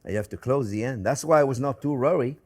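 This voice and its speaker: A man's voice: medium pitch, fast. An older man with a French accent, hosting a cooking demonstration in a chatty way, laughing at himself as he works. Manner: chatty, animated, self-mocking asides with chuckles. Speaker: cooking show host.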